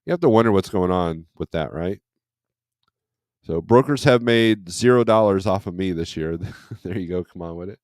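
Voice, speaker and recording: A trucker hosts a casual morning livestream from home rather than his truck, rambling and reading viewer comments aloud. His voice is low and darkish at a moderate pace, with a dry, clean studio recording.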